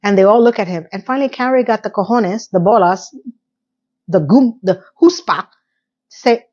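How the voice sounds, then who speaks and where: A woman's voice: medium pitch, moderate pace, a little mellow, highs cut off. A woman chatting casually to her viewers as she recaps a TV episode, sassy and direct.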